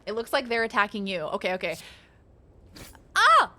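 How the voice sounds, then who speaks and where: A woman's voice: mid-range voice, racing, bright, forceful tone. A woman streaming a card game, chatting playfully with her viewers, swearing and reading card text aloud as she plays. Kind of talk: casual live-stream chatter while playing.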